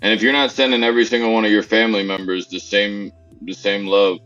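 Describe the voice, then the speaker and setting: A man's voice: fairly low pitch, little pitch movement, quick pace, a bit bright. A man co-hosting a live stock market stream, trading joking banter in casual chat. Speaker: stock market livestream co-host. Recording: dull lo-fi audio with faint music.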